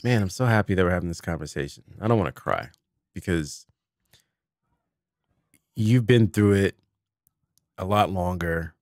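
This deep-voiced, middle-aged man hosts a podcast, spinning an animated family story and performing the dialogue in a relaxed, conversational way. His pace is moderate with frequent pauses, captured in a dry, studio-quality recording.

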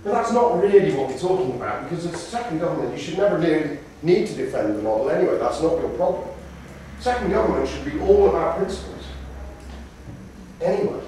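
A man's voice: a little high, fast, a little hiss or hum. A man giving a debate lecture to students, telling stories and acting out quotes as he goes, recorded from a distance in a lecture room. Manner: animated storyteller, acts out quotes. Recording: roomy hall from a distance.

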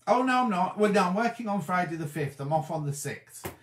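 A man's voice: sits high, lively intonation, brisk, reverberant, slight background noise. A tired man hosting a casual live-stream chat, rambling as he answers viewers' comments. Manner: chatty, rambling, reads comments aloud and answers them. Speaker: host.

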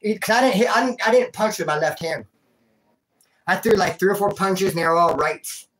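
A man's voice: high voice, fairly quick, a bit bright. A man telling a rambling personal story in a casual, slangy way, calling the listener dude and bro. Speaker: vlogger telling a prison and life story.

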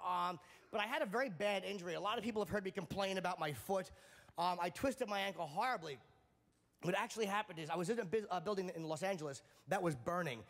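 A man doing a stand-up comedy set on a club stage, sardonic and profane, landing his punchlines deadpan. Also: high-pitched.

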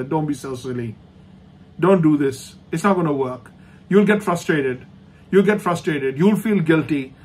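A man preaching a sermon as pastor, emphatic and repetitive, slowing down to stress points and dropping to a soft hush at the end of each thought. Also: high-pitched, breathy edge. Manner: emphatic, repeats key phrases, slows down for stress. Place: online church service.

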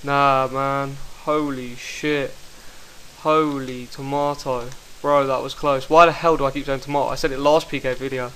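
A young man commentating his own online game fights, excitable and quick to swear, talking into a headset mic. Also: medium pitch, smooth, low-quality recording. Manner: excitable, swears, bursts into shouts. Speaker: gaming commentator. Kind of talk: live gameplay commentary.

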